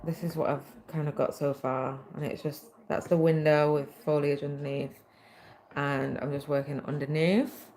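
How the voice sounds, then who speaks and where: Low gravelly British woman chatting. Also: little pitch movement, normal speed, a little mellow, a little hiss or hum. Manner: chatty, reads viewer comments aloud and answers them. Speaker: livestream host. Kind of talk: casual livestream chat while stitching.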